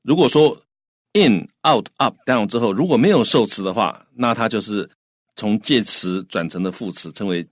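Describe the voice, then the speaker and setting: A man's voice: lowish voice, animated, normal speed, dry recording, studio quality. A man co-hosting a bilingual English lesson, explaining grammar patiently with frequent fillers.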